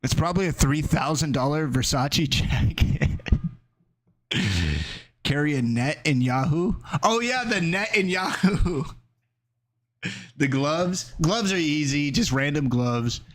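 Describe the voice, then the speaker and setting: Lively, high-voiced streamer man. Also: slow pace. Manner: riffs loosely, reads chat aloud. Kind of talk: casual chat.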